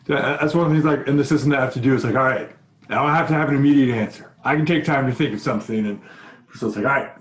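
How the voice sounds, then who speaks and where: A man narrating a tabletop game as game master, halting with many fillers. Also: medium pitch. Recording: roomy echo.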